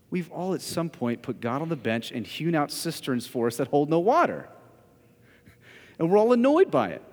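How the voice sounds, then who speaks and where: A male pastor preaching a sermon in a church, emphatic, swinging between loud declarations and hushed asides. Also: mid-range voice. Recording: long reverb of a large hall.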